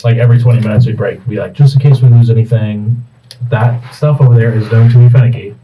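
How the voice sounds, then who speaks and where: A man playing a tabletop game who talks in a hesitant, deliberate way, planning aloud. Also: mid-range voice, steady tone, dark tone, slight background noise. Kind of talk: casual chat. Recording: distant room mic.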